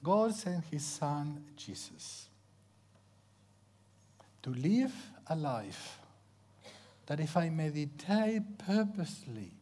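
A man preaching in a fairly high voice that rises and falls with great liveliness. He climbs to loud, excited peaks, then sinks to hushed near-whispers. Playful sound effects lighten his sermon. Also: takes it slowly. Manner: acts out sounds with playful onomatopoeia.

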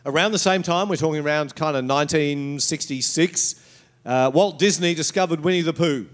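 A man's voice: on the high side, normal speed. A middle-aged man, born in England, preaching a sermon in a storytelling way. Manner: storytelling, with brief put-on voices and accents. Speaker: pastor.

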